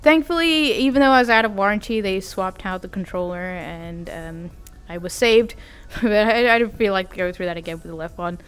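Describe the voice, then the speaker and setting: A woman's voice: medium pitch, normal speed, clear, resonant tone, soft background music. A young adult woman vlogging in a casual, rambling, self-deprecating chat with giggly asides. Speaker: vtuber vlogger.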